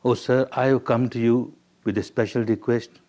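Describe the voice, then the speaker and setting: A man with an Indian English accent voicing a grieving young man who begs and flatters. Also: medium pitch, normal speed, natural voice. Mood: pleading. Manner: begging, flattering.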